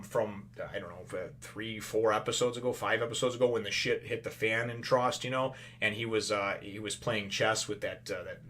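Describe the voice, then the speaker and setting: A man's voice: on the low side, fairly bright tone. A man hosting his own channel, talking through an anime episode in a loose, rambling way, often tossing in "you know" and "right?" and calling his viewers brothers and sisters. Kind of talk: casual spoken review.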